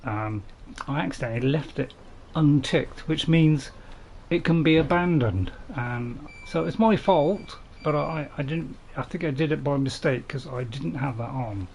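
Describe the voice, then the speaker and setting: A man's voice: a little high, a little slow, creaky, a little mellow, a little hiss or hum. Chatty Northern English man streaming a game. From North England. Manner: chatty, rambling, laughs at his own jokes; joking, chatting with viewers. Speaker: gaming streamer. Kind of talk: casual gameplay live stream.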